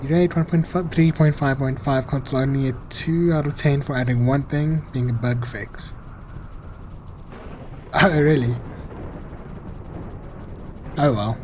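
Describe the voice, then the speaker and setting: A man's voice: mid-range voice, steady tone, moderate pace, warm tone, slight background noise. A young man casually commenting on a game he plays and chatting with viewers, easygoing and self-mocking. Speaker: gaming streamer. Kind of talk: casual Let's Play commentary reading chat. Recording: faint music behind voice.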